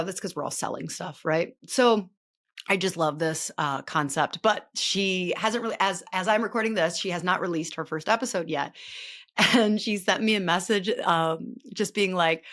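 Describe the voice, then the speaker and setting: A woman's voice: on the low side, expressive, moderate pace, fairly bright tone. Chatty rambling woman in her late thirties. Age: late 30s. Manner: rambling, talkative, full of filler words. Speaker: podcast host. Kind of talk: casual chatty monologue.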